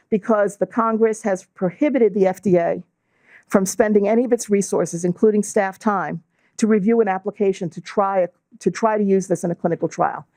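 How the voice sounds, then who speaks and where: A middle-aged woman with a New York accent giving a measured, explanatory lecture as a guest speaker, using fillers now and then. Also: mid-range voice, darkish tone, no room sound. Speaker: guest speaker, law and bioethics professor. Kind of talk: lecture to a club audience.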